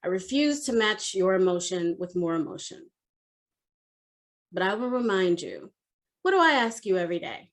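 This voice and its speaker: A woman voicing a stern, formal older male office manager who speaks in a firm, measured, commanding way. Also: medium pitch, very animated, warm tone, lightly acted.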